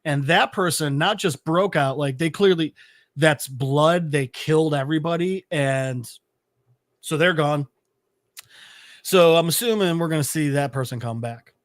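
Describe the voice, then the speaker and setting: A man on a casual nerd podcast tells a comic's plot with animated energy. He swears freely and breaks into laughter at his own asides. His voice sits a bit high and sounds dry and close, with little room sound. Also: a little slow, dry recording. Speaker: podcast co-host.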